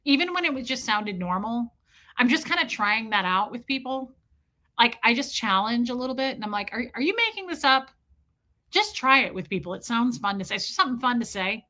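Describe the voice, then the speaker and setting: Bright, chatty woman streamer. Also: fairly high pitch, brisk. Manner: animated, chatty storyteller. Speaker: livestream host. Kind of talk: casual chat with viewers.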